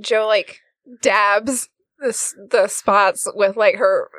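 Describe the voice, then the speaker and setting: A woman's voice: mid-range voice, steady tone, takes it slowly, a bit bright, dry recording. A woman playing a tabletop role-playing game, describing her character in a playful, giggly way. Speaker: player.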